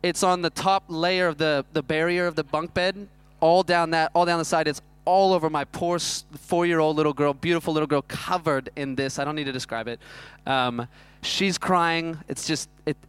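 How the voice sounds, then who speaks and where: A man, preaching a sermon that is built around a self-mocking personal story told in an animated way. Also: a little high, moderate pace, few pauses, smooth, dry recording. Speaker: pastor.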